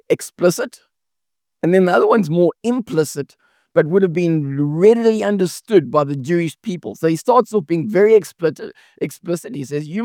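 Male pastor, high voice, earnest sermon delivery with frequent restarts, dry close sound. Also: darkish tone, no room sound. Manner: earnest, often restarts and repeats words.

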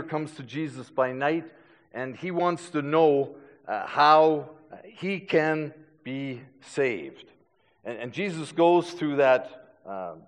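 A man's voice: medium pitch, long reverb tail. A middle-aged man preaching a sermon, telling stories with self-deprecating humor and frequent stammered restarts. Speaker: pastor.

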